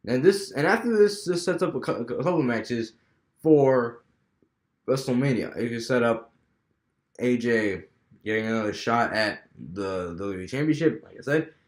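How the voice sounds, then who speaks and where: A man's voice: mid-range voice, animated, moderate pace. A young man casually talking through his fantasy wrestling booking, rambling with many restarts. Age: young adult. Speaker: wrestling fan vlogger. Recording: echoey room.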